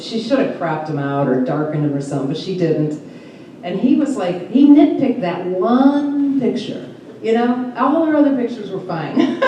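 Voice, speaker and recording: A woman photographer gives a relaxed, chatty talk to a club, laughing often and teasing herself. Her mellow, dark voice is picked up from far away in a very echoey room, with a faint hum of ambience behind her. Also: mid-range voice. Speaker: event photographer giving a talk. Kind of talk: casual presentation to a photo club.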